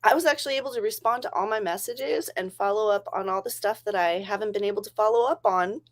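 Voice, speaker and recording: A woman's voice: medium pitch, fast. A woman hosting a casual writing livestream, chatty and rambling, laughing often between thoughts. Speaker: livestream host.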